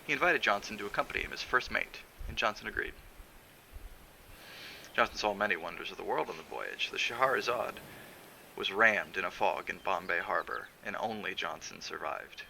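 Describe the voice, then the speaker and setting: A man reading a novel aloud on a stream, in a measured, steady narration with the odd filler. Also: sits low, gravelly, a little hiss or hum, poor audio. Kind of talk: audiobook narration.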